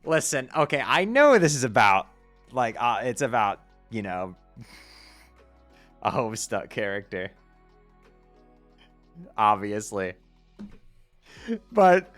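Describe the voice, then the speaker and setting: Reading a webcomic aloud on a casual chat stream, a man rambles with laughs and stumbling restarts. His voice is on the high side with a fairly bright tone, and background music runs under it.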